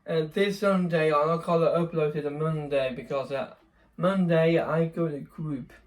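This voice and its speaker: A man's voice: on the high side, fairly even intonation, moderate pace. A young man chatting casually in a vlog, rambling, correcting himself and laughing often. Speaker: vlogger.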